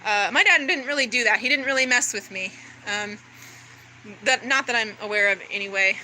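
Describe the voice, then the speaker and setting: A woman's voice: fairly high pitch, normal speed, bright, forceful tone, slight background noise, rough recording. A woman vlogger in a rambling spiritual monologue to camera, swearing a lot and talking intensely, with many restarts and fillers.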